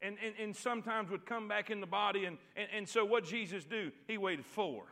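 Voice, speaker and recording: A male preacher delivering a church sermon, repeating phrases and calling for responses until he is shouting. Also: high voice, brisk, creaky. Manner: repetitive, call-and-response preaching that builds to shouts.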